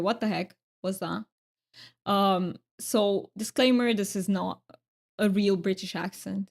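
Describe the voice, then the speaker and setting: A woman chatting casually while streaming a game, laughing often and repeating her words as she goes. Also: on the high side. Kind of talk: casual live-stream chat.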